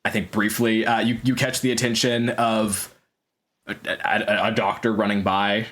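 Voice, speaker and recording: A man's voice: lowish voice, flat delivery, moderate pace, a bit bright. A young man narrating casually as game master of a tabletop game.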